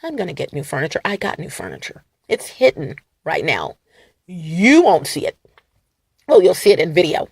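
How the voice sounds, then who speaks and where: A woman vlogger rambling to her viewers, animated and defiant, laughing and swinging between loud and soft. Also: on the low side, normal speed, pauses often, slightly rough, no echo, studio quality. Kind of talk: rambling talk to camera.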